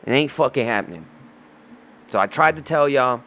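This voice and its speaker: A man on a loose sports rant, swearing freely and trash-talking with real heat. His voice sits at an ordinary middle pitch. He rambles, restarts his sentences and wanders into asides as he goes. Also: animated, moderate pace, a bit bright. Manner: heated, profane, trash-talking.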